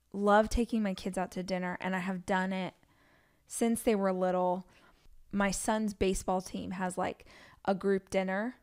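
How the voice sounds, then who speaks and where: Woman, forties, podcast host, smooth clear voice, candid chatty storytelling. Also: mid-range voice. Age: 40s. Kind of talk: solo podcast monologue.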